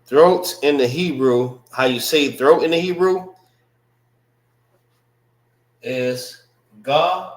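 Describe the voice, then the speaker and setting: A man teaches a language class at an unhurried pace, breaking words into syllables and repeating them. He talks loosely and conversationally. His voice carries a roomy echo from the space he is in. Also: mid-range voice. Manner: slow, repetitive, drills pronunciation syllable by syllable; loose, conversational phrasing with frequent "know what I mean".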